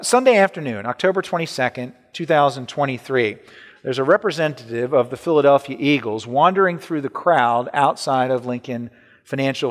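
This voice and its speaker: A man's voice: mid-range voice, in a large hall. A man preaching a sermon in a conversational way, often repeating words and checking in with "right?". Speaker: pastor.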